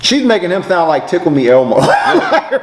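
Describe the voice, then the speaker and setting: A man with a lively, bouncing voice hosts a casual reaction chat, teasing and joking along. The room gives his voice a clear echo. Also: on the high side, quick pace. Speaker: single dad and channel host reacting.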